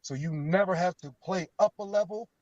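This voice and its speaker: A middle-aged man, a former pro football player, chatting as a guest and telling stories, getting animated when he quotes teammates. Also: high-pitched, a little fast, no echo, highs cut off. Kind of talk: casual phone interview.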